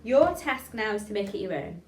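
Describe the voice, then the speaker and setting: A woman's voice: mid-range voice, sing-song, moderate pace, darkish tone, a little hiss or hum. A woman leading an online drama improvisation lesson, chatty and encouraging, laughing at her own slips. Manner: encouraging, chatty, self-deprecating. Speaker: drama teacher. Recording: echoey room, mic at a distance.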